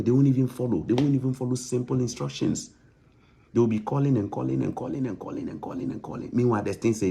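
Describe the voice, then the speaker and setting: Guy on a livestream, dark husky voice, stern and lecturing, repeats himself a lot. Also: on the low side, animated, fast. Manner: stern, emphatic and lecturing, with frequent repetition. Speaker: online content creator answering viewers. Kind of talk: live stream chat, reading viewer comments.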